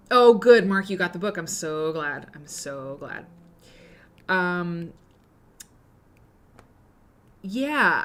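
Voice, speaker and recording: A woman, hosting a live quilting show, chatting and reading aloud with many fillers and restarts. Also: medium pitch. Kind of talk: casual live-stream chat and reading aloud.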